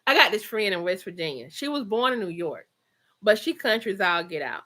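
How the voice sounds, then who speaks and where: A woman's voice: mid-range voice, big pitch swings, fairly quick, pushed and bright. A middle-aged woman with a Georgia Southern accent, hosting a casual livestream and chatting with her viewers at home. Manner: chatty, laughs often, Southern slang. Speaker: livestream host. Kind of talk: casual chat reading live comments.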